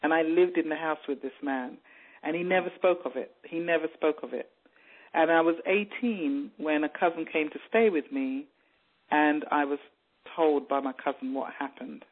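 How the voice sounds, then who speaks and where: A woman's voice: sits low, normal speed. A woman author, raised in England, tells her story in a radio interview and animatedly mimics the people she overheard. The sound is narrow and tinny, like a phone line. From born in Jamaica, raised in England. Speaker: author guest.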